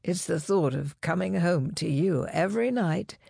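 A woman reading an audiobook, voicing a man, a fiancé who talks earnestly and turns shrill and snappish when challenged. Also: lively intonation, moderate pace, gravelly, mellow, breathy edge, no echo, clean studio sound, exaggerated voice. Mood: earnest, indignant. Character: pompous, indignant fiancé, a man.

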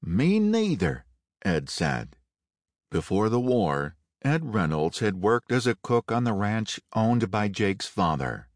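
Slow, low-voiced male narrator. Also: animated, dry recording. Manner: unhurried, measured storytelling. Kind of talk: audiobook narration. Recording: dry close studio read.

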